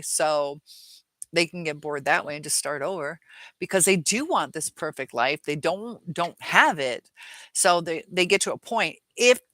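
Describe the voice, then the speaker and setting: A woman's voice: lowish voice, a bit bright, no room sound. A woman, a teacher, talking casually on a livestream with lots of fillers, acting out quoted lines and reading viewer questions. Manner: rambling, many fillers, acts out quoted lines in a livelier voice. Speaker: teacher and relationship-advice creator.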